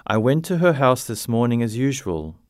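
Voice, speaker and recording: A man's voice: mid-range voice, very animated, normal speed, no room sound, clean studio sound, close to an everyday voice. A man voicing a matter-of-fact teenage schoolboy in a read-aloud storybook. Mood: plain. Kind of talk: graded-reader story narration.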